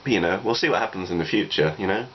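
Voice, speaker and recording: A man's voice: low-pitched, fast talker. A man, talking through personal advice in a reflective, rambling way, leaning on "you know" a lot. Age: 20s. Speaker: vlogger. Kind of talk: casual advice monologue. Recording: dull lo-fi recording with faint noise.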